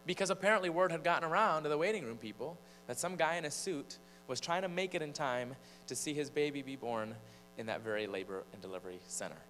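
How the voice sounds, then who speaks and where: Man telling a story in a reverberant church. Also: medium pitch. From Michigan. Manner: animated storyteller, building suspense. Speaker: preacher and singer. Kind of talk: storytelling from the pulpit. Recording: long church reverb, faint mains hum.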